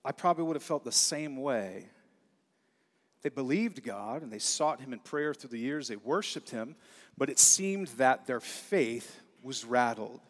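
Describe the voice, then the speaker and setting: Male pastor, earnest conversational sermon, mid-pitched, long hall reverb. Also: unhurried. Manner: conversational, earnest, animated asides. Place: church sanctuary.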